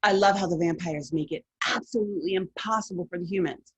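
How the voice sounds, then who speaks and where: Woman, lower-pitched voice, chatty, enthusiastic, playful asides, film countdown host. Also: fast talker, slightly rough. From lived in New England. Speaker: horror film commentator. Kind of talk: casual film countdown commentary.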